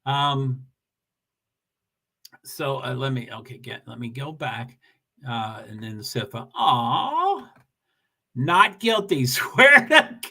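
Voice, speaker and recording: A man's voice: mid-range voice, big pitch swings, slow pace, gravelly, long pauses, bright, forceful tone, breathy edge. A man hosting a casual livestream from home, chatting alone and reading viewer comments aloud in a rambling, self-deprecating way.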